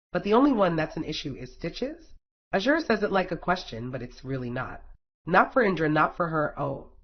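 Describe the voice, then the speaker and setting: A man reads a fan fiction story aloud with wry, casual storytelling. His voice sits fairly high. The recording sounds dull and lo-fi. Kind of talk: audiobook narration.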